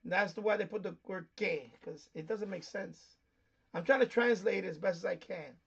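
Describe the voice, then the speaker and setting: Gravelly high-voiced New man. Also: normal speed, fairly bright tone, lo-fi sound. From New York, USA. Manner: rambling, explains things with many fillers. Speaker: shortwave radio live stream host. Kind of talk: casual live stream chat.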